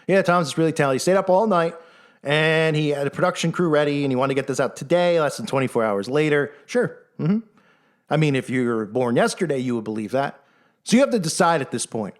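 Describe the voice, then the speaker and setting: A man's voice: on the high side, quick pace. Sarcastic man ranting into the mic. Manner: sarcastic, mocking, animated. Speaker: online commentator. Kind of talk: monologue commentary.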